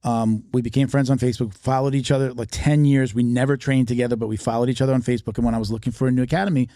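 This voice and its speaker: A man's voice: mid-range voice, fairly even intonation, very fast, mellow, no echo, studio quality. A man who is a martial arts marketing expert, talking casually as a podcast guest and telling stories with emphasis and many restarts.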